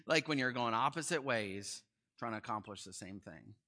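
Male bible teacher, young adult, conversational, very bright voice, expressive pitch. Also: moderate pace. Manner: animated, conversational, asks the listeners questions.

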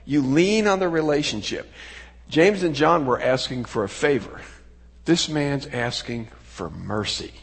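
Lively folksy preacher man, echoing hall. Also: medium pitch, a little slow, vocal fry, slightly rough. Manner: animated, folksy, acts out quotes with sudden shouts. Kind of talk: sermon. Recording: long hall reverb.

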